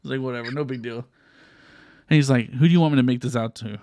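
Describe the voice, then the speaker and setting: A man's voice: medium pitch, fast talker, a little mellow, no room sound, studio quality. A man from Texas co-hosting a podcast, telling a story in casual chat, swearing freely and acting out quoted voices. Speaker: podcast co-host.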